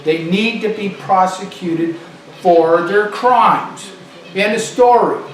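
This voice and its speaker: High-voiced man ranting in an echoey room. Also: takes it slowly. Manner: emphatic, repeats phrases for stress. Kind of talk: political monologue. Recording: echoey room, distant mic, faint noise.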